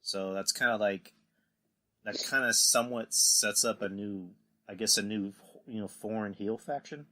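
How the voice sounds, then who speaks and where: A man's voice: fairly low pitch, normal speed, sharp tone. A man hosting a casual podcast, rambling through recaps and acting out quotes in put-on voices. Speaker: podcast host. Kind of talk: casual wrestling podcast chat.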